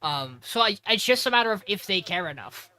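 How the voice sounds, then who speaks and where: A man's voice: high-pitched, sing-song, pushed and bright, clear, resonant tone. A man co-hosting a podcast, eagerly jumping into the conversation. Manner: eager, quick to interject. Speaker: podcast co-host. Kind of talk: casual chat.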